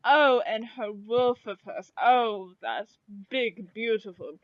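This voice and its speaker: A woman's voice: on the high side, slow, no room sound. A woman voicing a giddy, gushing shopkeeper who starts nearly every line with "oh", speaking for a pair of shopkeepers in a tabletop game. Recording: dull lo-fi dry recording.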